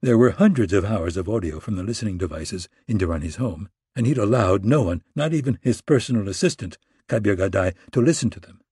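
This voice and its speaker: A man reading an audiobook chapter in a measured, steady narration on a close studio mic. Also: lowish voice, breathy edge, no echo.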